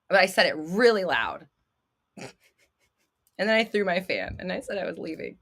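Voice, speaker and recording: Woman, late thirties, livestream host, blunt and swearing, bright forceful tone. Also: mid-range voice, very animated, fast talker, slight background noise. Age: 30s. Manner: blunt, swearing, laughing, dramatic outbursts. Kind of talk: livestream chat answering viewers.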